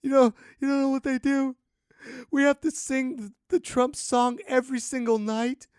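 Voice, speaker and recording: A man's voice: flat delivery, very slow, smooth, no echo, studio quality, exaggerated voice. A man putting on a melodramatic, frantic young American man who begs for help. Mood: pleading. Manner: shrill, begging, melodramatic.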